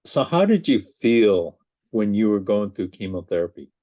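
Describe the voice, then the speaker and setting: A man's voice: on the low side, very animated, moderate pace, a little mellow. A man hosting an interview, asking questions and breaking in to ask for more. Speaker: host.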